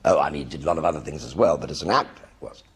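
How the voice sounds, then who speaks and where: A man's voice: a bass voice, very fast, slightly rough. An older actor telling anecdotes in a one-man stage show in front of a live audience, acting out other people's voices as he goes.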